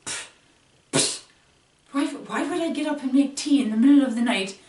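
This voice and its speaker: A woman's voice: high voice, normal speed, a little mellow, voice pushed up, close to an everyday voice. A woman voicing a sleepy, dismissive Irish father from Kerry in a weak put-on brogue, scoffing and brushing things off. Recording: roomy, from a distance.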